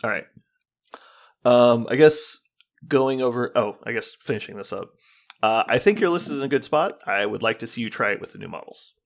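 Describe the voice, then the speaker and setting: A man's voice: medium pitch, expressive, brisk, muffled recording. A man co-hosting a podcast in casual gaming chat, explaining at length, swearing and laughing as he talks. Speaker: podcast co-host.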